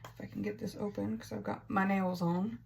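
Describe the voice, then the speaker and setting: A woman's voice: medium pitch, steady tone, fairly quick, vocal fry. A woman beauty vlogger chatting casually through a makeup tutorial, self-mocking and stumbling over words now and then.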